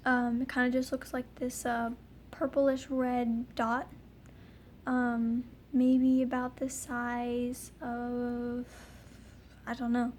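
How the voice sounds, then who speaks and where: A woman's voice: fairly high pitch, monotone, slow, darkish tone, a little hiss or hum. A young woman telling a personal story in a casual vlog, rambling with lots of ums and likes. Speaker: vlogger.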